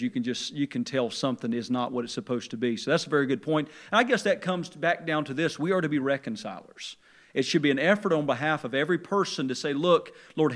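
High bright-voiced preacher, swings loud to soft. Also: male voice. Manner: swings from quiet musing to loud emphatic preaching. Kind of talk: sermon.

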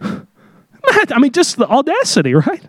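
Man, preacher, high-pitched voice, dramatic sermon delivery, acts out voices, dry close recording. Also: huge pitch swings, takes it slowly, fairly bright tone, dry recording.

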